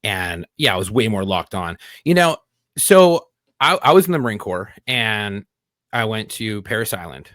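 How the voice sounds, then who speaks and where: A man's voice: fairly low pitch, very animated, normal speed, fairly bright tone, no echo. A man from California hosting a podcast, talking in a laid-back, profane way full of "dude". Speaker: podcast host, Marine veteran. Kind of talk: casual chat. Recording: dry close-miked sound.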